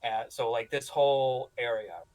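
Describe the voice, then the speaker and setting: A man acting as game master, describing a map haltingly with restarts. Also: mid-range voice, a little mellow, poor audio. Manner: halting, full of fillers and restarts while describing. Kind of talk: narrating a tabletop game.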